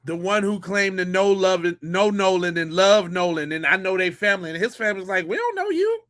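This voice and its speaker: A man's voice: sits high, fairly even intonation, fairly quick, fairly bright tone. A middle-aged man hosting a podcast, giving mocking, incredulous, slangy commentary on a clip.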